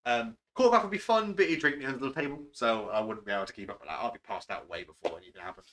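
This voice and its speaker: Brief: young guy, fast and bright, rambling casual chat as a game master. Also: mid-range voice, animated. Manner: chatty, rambling, swears casually. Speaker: game master answering questions.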